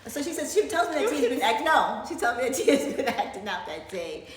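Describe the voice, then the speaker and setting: A woman's voice: high voice, sing-song, a little hiss or hum. Laughing middle-aged mother in an echoey room. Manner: laughing often, fast and rambling with restarts. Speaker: mother telling a story. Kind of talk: casual storytelling chat.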